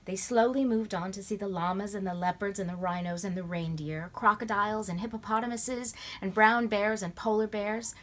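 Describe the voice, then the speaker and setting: A woman reading a children's novel aloud at home, in a lively, expressive way. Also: medium pitch. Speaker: storybook reader. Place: at home in bed.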